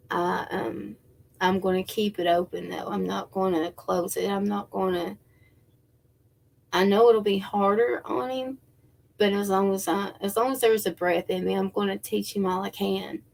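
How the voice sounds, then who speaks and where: A woman's voice: medium pitch, steady tone, normal speed, gravelly, a little mellow, slight background noise. A middle-aged woman chatting casually to viewers, rambling with many fillers and restarts. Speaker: spiritual livestream host.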